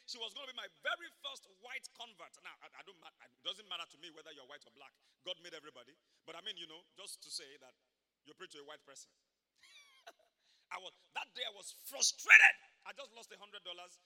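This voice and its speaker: A man pastor preaching a sermon at a church service, telling stories emphatically with sudden loud bursts. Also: sits high, in a large hall.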